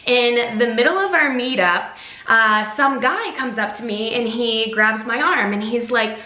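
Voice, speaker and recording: A woman's voice: on the high side, a little slow, bright, forceful tone. A young woman vlogger telling a story in a chatty way, full of "like" and "um". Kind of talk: storytime vlog. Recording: roomy echo.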